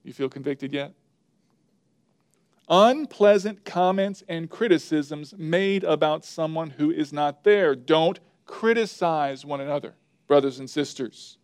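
A male pastor delivers a sermon in a somewhat high voice, recorded dry and close. He talks emphatically, repeating key words and counting through his points one by one. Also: measured pace, darkish tone, clear, resonant tone, no echo.

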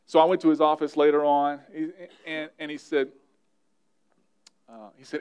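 A pastor preaching a sermon in a notably high voice. He talks to his congregation earnestly and casually, slipping in humor. When he voices a prayer, he drops into a softer, quieter tone. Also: monotone, normal speed, long pauses.

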